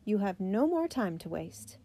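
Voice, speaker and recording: A woman voicing a firm, practical mother in a storybook reading, brisk and commanding. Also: medium pitch, big pitch swings, dark tone.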